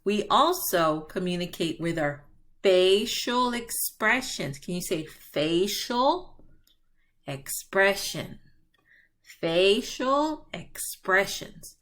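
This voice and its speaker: Slow, patient bilingual teacher woman. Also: medium pitch, fairly bright tone. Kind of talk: bilingual classroom lesson.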